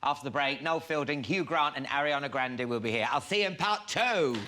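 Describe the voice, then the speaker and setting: A man's voice: a little high, fairly quick, sharp tone, slight background noise. A man hosting a TV chat show in a studio, giggly and camp, laughing often and breaking into silly voices.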